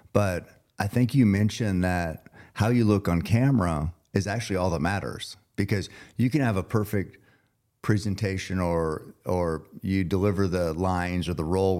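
Podcast host, male, very low voice, loose and jokey. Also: darkish tone. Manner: rambling, jokey, laughs often. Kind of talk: casual interview chat.

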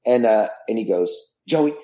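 A man's voice: fairly low pitch, moderate pace, dark tone, rough recording. A man guest telling casual anecdotes in a rambling way, full of "you know" fillers. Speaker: guest, former TV host.

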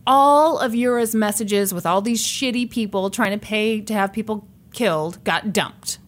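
A woman's voice: mid-range voice, moderate pace. A woman hosting a podcast, casually telling a true crime story, laughing often and swearing now and then.

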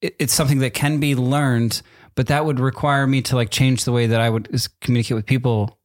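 A man's voice: mid-range voice, steady tone, fairly quick, a little mellow. A young adult man co-hosting a podcast in casual chat, teasing and joking, often restarting his sentences. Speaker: podcast co-host.

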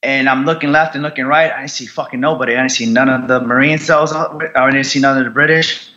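A young man, a Marine veteran, telling his story bluntly in an interview, with heavy swearing and halting restarts. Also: mid-range voice, fairly even intonation, sharp tone, lo-fi sound.

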